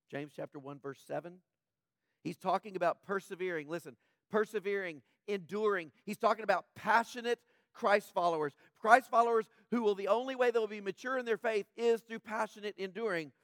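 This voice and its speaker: A man preaching a sermon as pastor, his voice slightly rough, talking conversationally and joking with the congregation. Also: high-pitched, brisk, a bit bright, no echo, clean studio sound.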